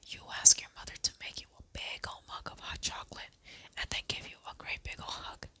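Whispered role-play, patronizing gruff policeman, as a reader puts him on, crisp bright whisper. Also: a little fast. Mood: soothing. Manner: condescending, soothing. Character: gruff deep-voiced adult male policeman, patronizing.

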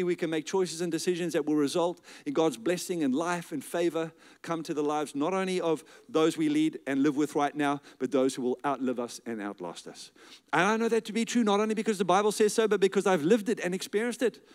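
A male pastor preaching a sermon to a congregation. He builds emphatic, rhythmic lists and drops softly on key words. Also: a little fast. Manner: drops to a soft, low voice to stress key words. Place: church service with a live congregation.

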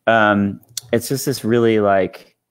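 Guest spot: deep-voiced man, rambling casual chat, swears, video call. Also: steady tone, slow, clear, resonant tone. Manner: rambling, swears freely, many fillers.

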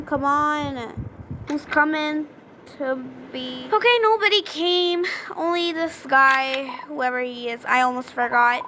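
A high-pitched woman talks through a video game in a relaxed, unhurried way, chatty and prone to excited outbursts as she reads the characters' lines aloud. A steady hiss of background noise sits under her voice. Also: poor audio. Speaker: gaming video creator. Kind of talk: casual gameplay commentary.

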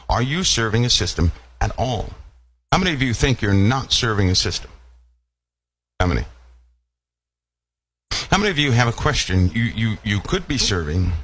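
A man delivers a sermon in a low voice, pressing his listeners with question after question and saying key phrases again and again. Faint noise sits under the recording. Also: fairly bright tone. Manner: rhetorical questions to the congregation, repeating phrases. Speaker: preacher.

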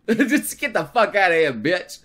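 A man commentating on a game he plays, loud, crude and joking. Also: high-pitched, very animated, measured pace. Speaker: let's play host.

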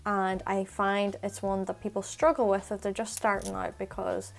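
A woman tutor teaching phrases in a casual spoken lesson, explaining quickly in a chatty way and repeating examples slowly. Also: mid-range voice, flat delivery, creaky. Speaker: Irish language tutor.

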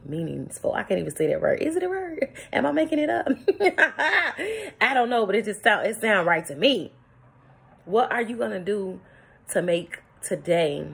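A woman's voice: lowish voice, gravelly, slightly rough. A woman giving an emphatic, preachy motivational morning talk, laughing often as she speaks. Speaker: vlogger. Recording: phone-recorded vlog.

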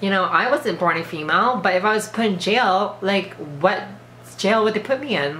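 A woman's voice: medium pitch, normal speed, a bit bright. A woman with a sore throat giving an emphatic, indignant opinion in a casual vlog, peppering her speech with "like". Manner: emphatic, indignant, heavy use of "like". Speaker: vlogger. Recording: echoey room with faint background noise.

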